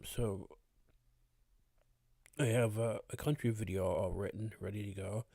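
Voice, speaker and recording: A man hosts a relaxed live stream, chatting with viewers and filling pauses with "uh". His voice is warm and low-toned, a little rough as it recovers. The sound is dry and close to the mic. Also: no room sound. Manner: relaxed, greets chat viewers by name, frequent uh fillers. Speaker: horror story channel host. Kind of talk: casual live stream chat.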